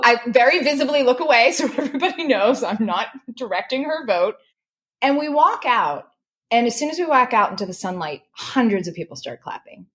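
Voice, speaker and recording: A woman guest telling a personal story in animated, emotional conversation, often restarting her sentences. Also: medium pitch. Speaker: podcast guest.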